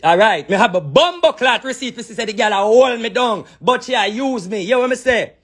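A Jamaican man, a spiritual reader, giving animated vlog commentary in heavy patois and cursing freely. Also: extremely high pitch, fairly quick, breathy edge.

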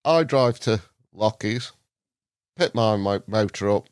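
Male podcast guest, English, lively storyteller who does voices, dry studio sound. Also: lowish voice, slow pace, smooth, no echo. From England. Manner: lively, acts out voices in his stories, laughs often. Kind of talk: anecdotal storytelling.

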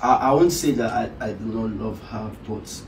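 A man's voice: fairly low pitch, normal speed, darkish tone. Nigerian pidgin guy, defensive and hesitant, echoey room, mic far away. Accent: Nigerian Pidgin English. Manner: hesitant, defensive, many restarts. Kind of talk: casual group chat. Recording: echoey room, distant mic, faint noise.

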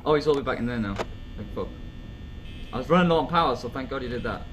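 A man hosting a horror game let's play, jumpy and excitable, talking to himself and to the game's characters and swearing when scared. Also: medium pitch, fast talker, background noise. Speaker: gaming channel host.

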